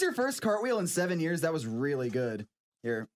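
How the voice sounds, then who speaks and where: A man with a faint Southern accent chatting on live radio, excitable, laughing and swearing as he gives things away. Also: mid-range voice, fast talker, slight background noise. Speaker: band member guest. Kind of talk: casual live radio chat.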